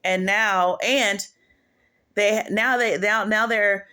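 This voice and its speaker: A woman's voice: mid-range voice, steady tone, takes it slowly, bright, forceful tone. A woman preaching casually in a home video, rambling and digressive, often restarting her sentences. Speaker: online prophetess.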